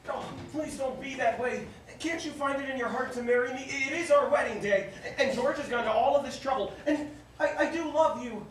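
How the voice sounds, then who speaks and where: A woman's voice: high voice, fairly quick, slight background noise, natural voice. A woman playing an earnest, lovestruck young bridegroom, pleading and flustered. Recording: echoey distant stage recording.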